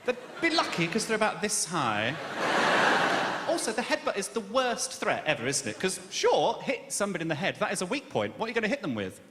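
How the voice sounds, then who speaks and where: Camp, animated English stand-up comic. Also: male voice, high voice, fairly quick, noisy background. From Birmingham, England. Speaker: stand-up comedian. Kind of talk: stand-up comedy set. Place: comedy club stage. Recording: echoey live room with long reverb. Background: loud audience ambience.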